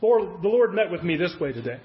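A man's voice: high-pitched, sing-song, a little fast, narrow, tinny audio. A man preaching a conversational sermon as a pastor, full of rhetorical questions.

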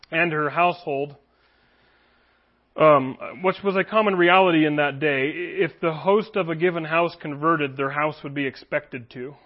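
A man's voice: high voice, lo-fi sound. A man preaching an earnest, emphatic sermon with rising exclamations.

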